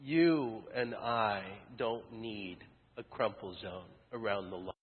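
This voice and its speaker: A man preaching a sermon as pastor, building to loud peaks and dropping to hushed lines. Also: fairly low pitch, slow pace. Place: church sanctuary. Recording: thin phone-like sound with long church reverb.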